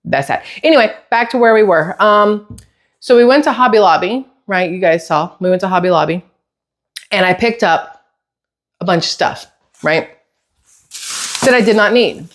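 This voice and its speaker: A woman's voice: medium pitch, lively intonation, normal speed, long pauses. A middle-aged woman vlogging casually from her home kitchen, rambling off on tangents and swearing lightly. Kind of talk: casual chatty vlog.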